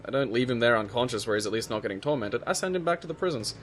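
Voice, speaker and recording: A man's voice: mid-range voice, lively intonation, very fast, over music. A man giving rambling, jokey commentary over a video game. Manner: rambling, jokey, lots of fillers. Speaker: let's play commentator. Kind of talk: casual gameplay commentary.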